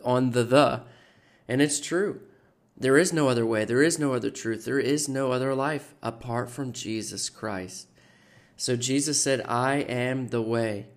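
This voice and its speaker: A man hosting a Christian devotional podcast, teaching earnestly and slowing down to stress the scripture he quotes. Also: mid-range voice. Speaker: podcast host and preacher.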